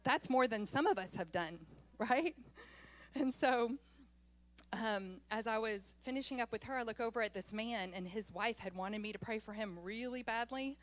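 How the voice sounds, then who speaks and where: A woman pastor preaching a sermon, telling a personal story in an animated way and laughing often as she goes. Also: fairly high pitch, normal speed.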